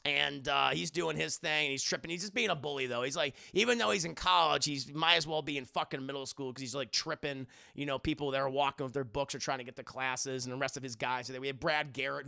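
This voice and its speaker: Bright, gravelly male streamer. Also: medium pitch, fairly even intonation, fast talker, dry recording, clean studio sound. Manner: rambling, profane, talks to chat. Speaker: streamer reviewing a movie. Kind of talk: casual live-stream commentary.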